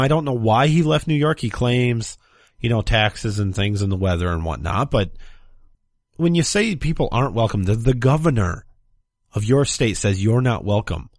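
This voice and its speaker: A man's voice: mid-range voice, lively intonation, moderate pace, darkish tone, no echo, studio quality. Sarcastic man hosting a political talk show. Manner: sarcastic, mocks opponents in put-on quotes. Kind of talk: political commentary monologue.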